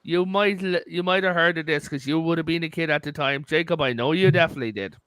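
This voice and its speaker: A man hosting a casual podcast, spinning long stories and swearing now and then. His voice is smooth and clear, and it sits a little high. The sound is dry and close. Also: fast talker, a bit bright, no room sound. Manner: storytelling, swears, rambling. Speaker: podcast host. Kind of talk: casual chat.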